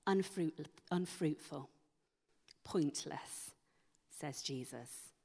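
A woman delivers a sermon in a low voice, speaking unhurriedly. She leans on emphatic rhetorical questions. Her words ring out with the long echo of a church hall. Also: very slow, vocal fry, a little mellow, husky. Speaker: preacher.

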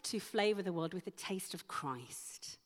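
A woman delivers a sermon in a low voice, speaking unhurriedly. She leans on emphatic rhetorical questions. Her words ring out with the long echo of a church hall. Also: animated, unhurried. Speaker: preacher.

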